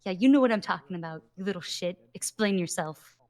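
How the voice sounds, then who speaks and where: A woman's voice: lowish voice, animated, a little fast, darkish tone. A woman playing a judge in an online roleplay, talking bluntly and swearing freely as she lectures the lawyers in front of her. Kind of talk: in-character roleplay.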